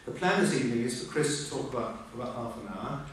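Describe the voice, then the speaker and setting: A man's voice: medium pitch, animated, fast. Wry man introducing in an echoey hall. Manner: anecdotal, wry, digressive. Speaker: event chair. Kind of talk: after-dinner introduction speech. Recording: echoey hall from far off, room noise.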